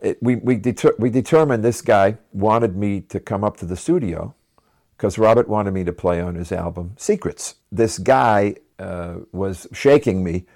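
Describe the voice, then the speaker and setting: Guest storyteller: low-pitched man, chatty, laughs through his road anecdotes. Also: a little slow, a little mellow. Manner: chatty, laughs often, restarts sentences. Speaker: musician guest telling road stories.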